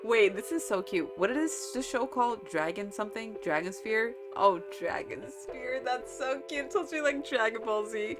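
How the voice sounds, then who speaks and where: A woman's voice: on the high side, lively intonation, normal speed, hardly any pauses, music in the background. A woman streaming a visual novel, reading the game text aloud and chatting about it with lots of giggles. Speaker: let's-play streamer.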